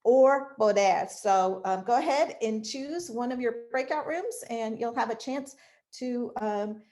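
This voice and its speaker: A woman's voice: on the high side, a little slow, mellow. A woman moderating an online event over a video call, upbeat and friendly as she makes announcements. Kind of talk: announcing breakout rooms.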